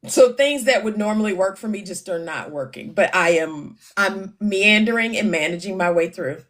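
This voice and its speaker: Middle-aged woman livestream host, chatty, mid pitch, reading comments. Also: moderate pace, fairly bright tone. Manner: chatty, laughing often, reading comments aloud. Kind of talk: casual livestream chat.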